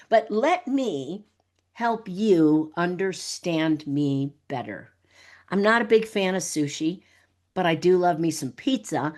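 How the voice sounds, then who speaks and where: A middle-aged woman guesting on a podcast, talking in an animated way, laughing often and acting out little dialogues. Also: fairly low pitch, unhurried. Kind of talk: conversational podcast interview.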